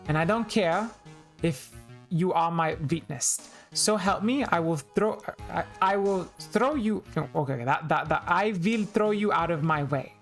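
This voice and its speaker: A woman's voice: on the low side, unhurried, faint music behind. A woman voicing a stern, ruthless young female prosecutor in a put-on German accent, haughty and clipped. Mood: fierce.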